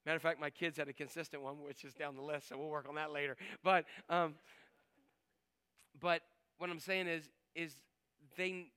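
A man's voice: a little high, smooth. A man preaching a sermon and leading a closing prayer with fervent exhortation. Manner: fervent, rising to loud exhortation. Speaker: pastor.

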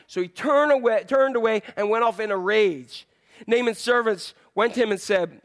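High-voiced, animated male pastor. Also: a little slow. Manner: animated, playful, repeats phrases. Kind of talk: sermon.

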